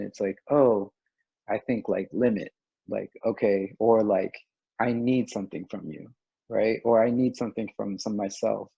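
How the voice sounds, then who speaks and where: A man's voice: fairly low pitch, creaky, warm tone, husky, dry recording. A young man speaking as a podcast guest in casual group discussion, earnest and rambling with lots of filler words. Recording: dry, dull lo-fi audio.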